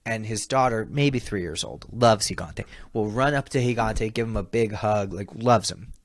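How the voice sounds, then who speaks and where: A man, a comedian, telling stories in a casual podcast chat. He laughs often and acts out quoted people with sudden high voice jumps. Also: normal speed, no echo. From California. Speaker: comedian and baseball mascot performer, podcast guest. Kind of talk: animated storytelling in a casual chat.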